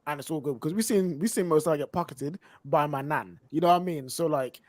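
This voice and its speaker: A man talking football as a panelist on a fan reaction show, in animated, slangy banter. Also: fairly high pitch, fast talker, dry recording. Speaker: football pundit. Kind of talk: casual chat.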